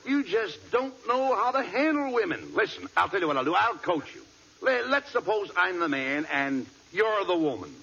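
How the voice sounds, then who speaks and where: Bossy, gravelly straight man on old radio. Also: high-pitched, very animated, normal speed, sharp tone. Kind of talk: 1940s radio comedy. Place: radio studio before an audience. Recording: lo-fi old radio broadcast with audience. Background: studio audience laughter.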